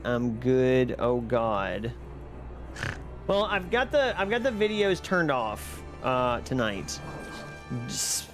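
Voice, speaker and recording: A man streaming live, chatting casually and excitably with his viewers while playing a game. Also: mid-range voice. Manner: excitable, chatty, reads and answers chat.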